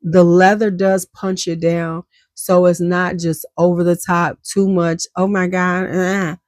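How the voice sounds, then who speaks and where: A woman's voice: on the low side, little pitch movement, a little slow, a little mellow, no room sound, clean studio sound. A woman giving a casual, enthusiastic perfume review, chatty and full of slang, coughing now and then. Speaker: beauty vlogger.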